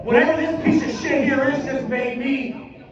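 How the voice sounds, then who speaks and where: A man cutting a wrestling promo, boastful and aggressive, swearing and shouting over a crowd. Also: very high-pitched, fairly even intonation, moderate pace. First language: Spanish. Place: indie wrestling arena, crowd around. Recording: distant, echoey, dull arena sound.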